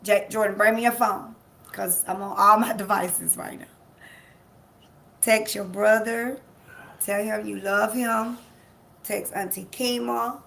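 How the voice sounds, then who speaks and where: A woman's voice: medium pitch, fairly even intonation, slow pace, creaky, long pauses, a bit bright. A woman life coach hosting a live-streamed motivational talk. She speaks emphatically, repeats key phrases, and talks straight to her audience. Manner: laughs easily, chats with people in the room. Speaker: life coach and show host.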